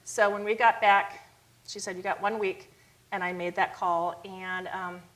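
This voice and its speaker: Animated middle-aged woman telling stories. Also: unhurried, rough recording. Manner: animated storyteller, acts out quotes in a higher voice. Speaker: founder of a youth outreach charity. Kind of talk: storytelling in a TV talk interview.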